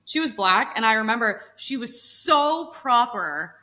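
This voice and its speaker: Bright, animated woman podcast co-host. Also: fairly high pitch, unhurried. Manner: animated, profane, mimics voices. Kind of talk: casual political chat.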